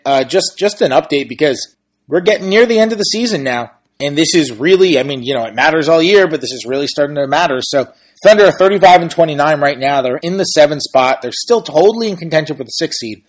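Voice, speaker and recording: A man, a sportswriter and podcast host, talking through team stats and standings in an analytical, conversational way. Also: on the high side. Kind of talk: casual sports commentary.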